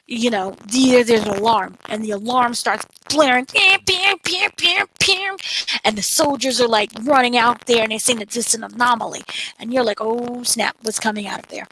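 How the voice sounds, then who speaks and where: A woman with a bright, forceful, rather high voice talks through an episode recap in loose, casual chat. She retells scenes with lively energy and slips into playful little voices. A faint hiss sits under the recording. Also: rough recording. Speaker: entertainment editor, co-host.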